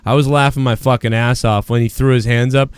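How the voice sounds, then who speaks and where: A man hosting a live talk stream, loud and excitable, swearing constantly and mocking people. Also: mid-range voice, brisk, clean tone, no room sound. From United States. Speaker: show host. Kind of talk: casual profane live-stream commentary.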